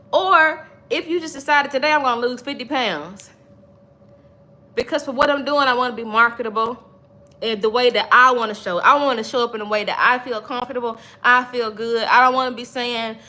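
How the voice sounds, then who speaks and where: A woman's voice: sits high, bright, forceful tone. A woman hosting a motivational livestream from home, encouraging viewers, laughing often and reading their comments aloud. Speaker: livestream host.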